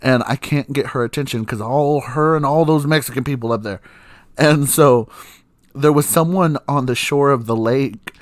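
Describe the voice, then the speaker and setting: A man's voice: mid-range voice, moderate pace, dry recording. Laughing, profane man. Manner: profane, laughs often, acts out voices in quotes. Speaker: podcast host. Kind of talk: casual storytelling monologue.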